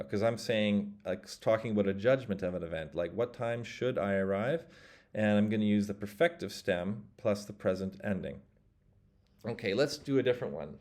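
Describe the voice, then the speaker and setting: A man with a somewhat low voice gives a relaxed, informal language lesson. He works through grammar patterns one at a time, speaks example phrases slowly and carefully, and asks the listener to pause and try each one. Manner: explains step by step, models phrases slowly and leaves pauses for practice. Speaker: language teacher. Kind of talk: casual spoken language lesson.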